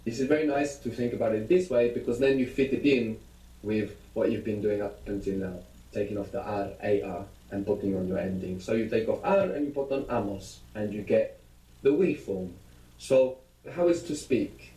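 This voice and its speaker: A man's voice: fairly low pitch, moderate pace, dark tone, reverberant, rough recording. A man teaching a language lesson, patiently prompting his students with questions.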